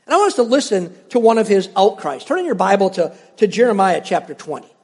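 A man's voice: high-pitched, very animated, quick pace, darkish tone, husky, in a large hall. An older man preaching a sermon as pastor, emphatic and repeating phrases for stress while addressing the congregation directly.

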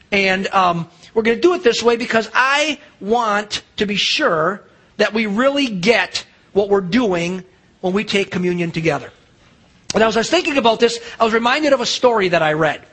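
A man's voice: high-pitched, a bit bright, breathy edge. A man preaching a sermon as pastor, telling a story in a chatty way with fillers and restarts.

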